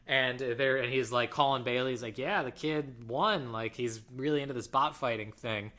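A man casually retelling a movie plot to a co-host, animated and quoting the characters as he goes. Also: medium pitch. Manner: animated storytelling, quoting characters in quick voices. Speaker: podcast co-host. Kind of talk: casual movie recap chat.

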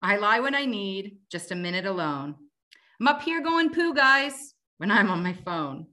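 Bright-voiced woman reading her own poems. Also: medium pitch, sing-song, normal speed. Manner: chatty, fillers like "like" and "um". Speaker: guest poet. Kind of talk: casual chat and reading her own rhyming poems aloud.

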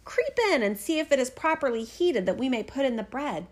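A woman reading a fairy tale aloud, voicing a cruel old witch in a lower, gruff, scolding voice. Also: animated, fairly quick. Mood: menacing. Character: wicked old female witch, cruel and greedy. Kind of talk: storybook reading.

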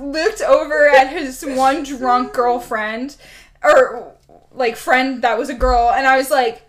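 High-voiced young woman telling stories animatedly. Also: moderate pace. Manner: animated storytelling, full of "like" and laughter. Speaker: podcast co-host. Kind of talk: casual chat.

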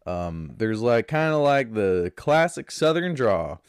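A man's voice: mid-range voice, big pitch swings, slow pace, smooth, no room sound, studio quality. A man from Florida hosting a solo podcast, laid back, rambling and crude in his chat. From Pensacola, Florida. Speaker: podcast host.

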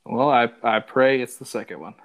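A man co-hosting a casual Bible discussion, offering measured, thoughtful comments. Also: medium pitch. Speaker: Bible study podcast co-host.

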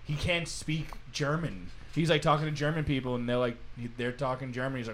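A young man hosting a podcast in a studio, telling stories in a lively, swearing, casual way. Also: mid-range voice, fairly quick, slight background noise, low-quality recording. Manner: animated storytelling, swearing, laughing often. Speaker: podcast host. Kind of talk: casual chat.

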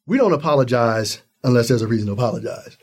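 A man from Ohio in the US Midwest, a guest in a conversational interview, talking earnestly and acting out the people in his stories. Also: quick pace. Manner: earnest, animated storytelling, acts out high-pitched quoted voices.

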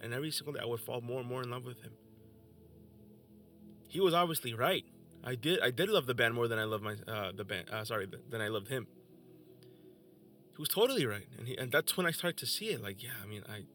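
Gravelly-voiced man sharing an earnest testimony. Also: mid-range voice, bright, forceful tone. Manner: emotional, earnest storytelling. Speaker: podcast host. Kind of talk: personal testimony.

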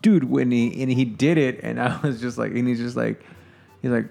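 Gravelly-voiced young man. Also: medium pitch, moderate pace, dark tone, faint music behind. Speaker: podcast co-host. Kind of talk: casual chat.

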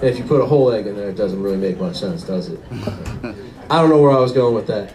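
A man's voice: on the low side, animated, fast, a little mellow, echoey room, distant mic, a little hiss or hum, low-quality recording. A young man doing a rambling stand-up comedy set, often laughing at his own jokes.

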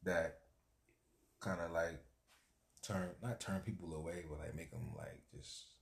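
Casting note: man, very low voice, relaxed talker, roomy echo. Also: unhurried, creaky. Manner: laid-back, relaxed, laughs often. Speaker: podcast co-host. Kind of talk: casual chat.

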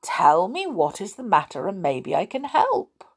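A woman's voice: mid-range voice, huge pitch swings, a little slow, slightly rough, heavily acted. A woman voicing a funny little male creature with a tail, clucking and busy in a storybook reading. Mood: fussy.

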